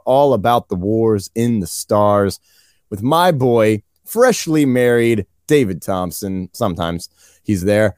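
A man who is a podcast guest, chatting casually and joking with quick asides. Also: fairly low pitch, a little mellow, no echo, studio quality.

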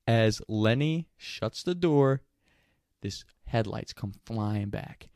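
A young man casually telling a rowdy anecdote, animated and laughing, with plenty of swearing. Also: lowish voice, unhurried, dry recording, clean studio sound. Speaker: storyteller.

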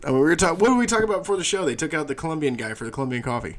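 A man's voice: a little high, big pitch swings, very fast. A man co-hosting a casual podcast chat, blunt and outspoken, swearing freely. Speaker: podcast co-host.

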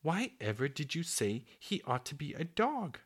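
A man's voice: a little high, very animated, moderate pace, slightly rough, pitched above the performer's own voice. A man voicing an earnest, curious young girl in a storybook reading.

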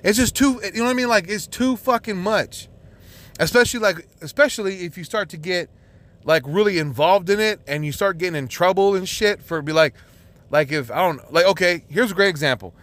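Man, podcast host, casual solo monologue, swears constantly, rambles with lots of restarts, voice sits a bit high. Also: a little fast, a bit bright. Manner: rambling and profane, with many restarts and filler words.

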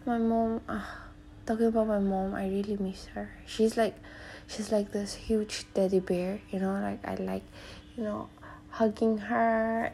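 A young woman talks through a solo podcast in a loose, rambling way, full of fillers, sometimes sinking to a near whisper. Her voice is mellow and warm, at a middle pitch. A faint hiss sits under the recording. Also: vocal fry. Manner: rambling, many fillers, drops into a soft whisper at times. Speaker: podcast host. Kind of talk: casual solo podcast storytelling.

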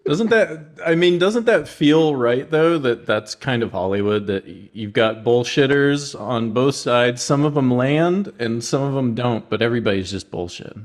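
Man, host, casual chat, relaxed, mid-pitched voice. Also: normal speed, few pauses.

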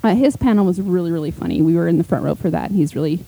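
A woman co-hosting a podcast, telling excited, chatty stories in casual conversation. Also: on the low side, rapid-fire, creaky, husky, low-quality recording. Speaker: podcast co-host. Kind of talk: casual chat.

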